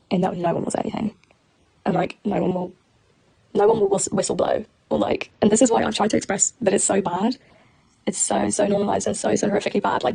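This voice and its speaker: A young woman on a livestream, telling a personal story in rapid, agitated casual chat, acting out quotes with nervous laughs. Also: medium pitch, vocal fry, warm tone, slightly rough, rough recording. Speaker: streamer.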